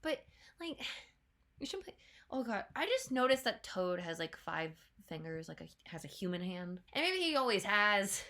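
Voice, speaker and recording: A young woman chatting casually as she reacts to a trailer, laughing often and slipping into quick playful voices. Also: medium pitch, very animated, sharp tone.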